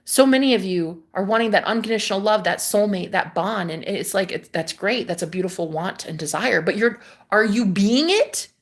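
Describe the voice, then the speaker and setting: A woman's voice: medium pitch, lively intonation, moderate pace, few pauses. A young woman from the United States who hosts a livestream, chatting casually to viewers about spirituality and life, meandering, swearing freely and laughing often. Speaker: livestream host.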